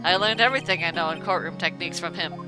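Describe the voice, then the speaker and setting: A woman reading game lines as a cold, proud young male prosecutor, speaking in a lowered, measured and formal way. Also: natural voice, rough recording. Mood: cool, formal. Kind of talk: reading game dialogue aloud on stream. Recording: music playing behind.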